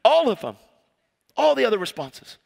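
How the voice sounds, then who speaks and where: A man preaching a sermon, reading scripture and telling stories with fervent swings from loud cries to quiet asides. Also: very high voice, big pitch swings, normal speed, creaky. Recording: long hall reverb.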